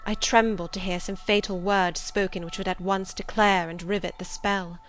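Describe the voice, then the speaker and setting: A woman narrating a classic novel as an audiobook reader, with measured, expressive storytelling. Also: mid-range voice, slight background noise, low-quality recording. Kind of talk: scripted literary narration.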